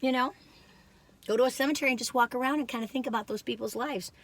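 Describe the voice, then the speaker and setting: An older woman with a high, somewhat bright voice talks fast in a food review vlog. She chats and rambles through stories to the camera, acting out the voices of the people she quotes.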